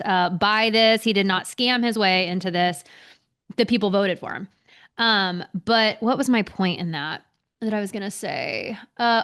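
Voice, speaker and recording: A woman's voice: mid-range voice, fairly bright tone, clean tone. A young adult woman co-hosting a podcast, ranting heatedly in casual chat and swearing a lot. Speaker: podcast co-host.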